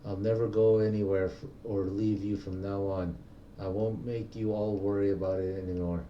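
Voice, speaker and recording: A man's voice: lowish voice, little pitch movement, normal speed, roomy sound, far from the mic, highs cut off, a little hiss or hum, natural voice. A man reading as a spirited young woman. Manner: reads game text aloud in a plain voice.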